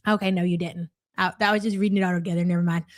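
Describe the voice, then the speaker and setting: A woman's voice: fairly low pitch, steady tone, racing. A middle-aged woman hosting a live stream, chatting casually, greeting viewers by name and swearing freely. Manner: brash, swears freely, rattles off viewer names. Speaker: livestream host. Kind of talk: casual live reaction chat.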